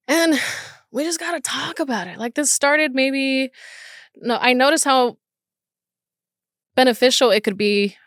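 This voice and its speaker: A woman's voice: a little high, fairly bright tone, clean tone, dry recording, clean studio sound. A young woman hosting her first solo podcast episode, talking candidly and nervously, emotional and swearing freely. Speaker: podcast host. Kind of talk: casual solo podcast monologue.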